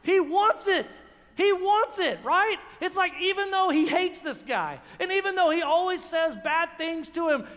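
A man preaching a sermon in a sarcastic, quick manner, often repeating words, in a church. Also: very high voice, lively intonation, a bit bright. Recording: long hall reverb.

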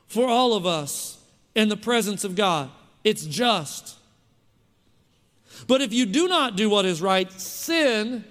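A man's voice: high voice, fairly bright tone. A man preaching a sermon as pastor, emphatic and often putting questions to the congregation. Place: church hall. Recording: long hall reverb.

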